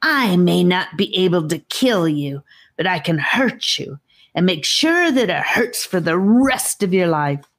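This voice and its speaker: A woman's voice: on the low side, sing-song, unhurried, fairly bright tone, full character voice. A woman voicing a vicious clawed female snake that shrieks threats in an audiobook. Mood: threatening. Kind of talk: audiobook character voice.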